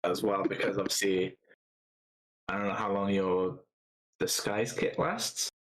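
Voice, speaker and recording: A man with a Yorkshire accent running a tabletop game, giving relaxed rulings with fillers. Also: low-pitched, unhurried, low-quality recording. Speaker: game master.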